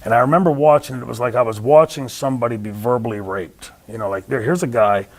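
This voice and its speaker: A man's voice: mid-range voice, quick pace. A man telling stories in an interview, acting out the voices of the people he quotes. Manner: animated storyteller, acts out quoted voices. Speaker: interview guest. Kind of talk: storytelling interview.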